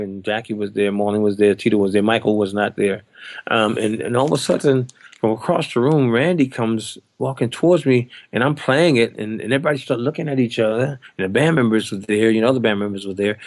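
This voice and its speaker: An older man with a gravelly voice tells an anecdote in a podcast interview, lively and animated, jumping into other people's voices. The sound is close and dry. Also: medium pitch, dry recording. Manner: animated, acts out other people's lines in his story. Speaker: drummer telling of his audition.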